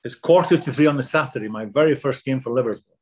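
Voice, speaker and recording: An older man being interviewed, telling anecdotes in a relaxed, self-deprecating way. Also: medium pitch, fast talker. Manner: anecdotal, self-deprecating, repeats words when starting. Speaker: guest.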